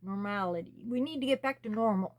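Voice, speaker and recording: A woman from the United States, talking slowly and earnestly as host of her own small channel, pleading with her listeners. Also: medium pitch. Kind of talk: personal spoken commentary.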